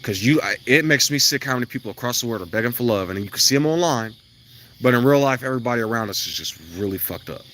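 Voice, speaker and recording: A man's voice: mid-range voice, lively intonation, quick pace, a bit bright, a little hiss or hum. A man delivering a blunt, profane, preachy monologue outdoors near his house. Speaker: self-styled spiritual vlogger. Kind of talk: ranting monologue to camera.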